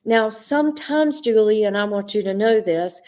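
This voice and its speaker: A woman's voice: medium pitch, animated, moderate pace. Earnest woman hosting a live Q&A. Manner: warm, earnest, addresses viewers by name. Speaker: host answering viewer questions. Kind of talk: live Q&A, spiritual coaching talk.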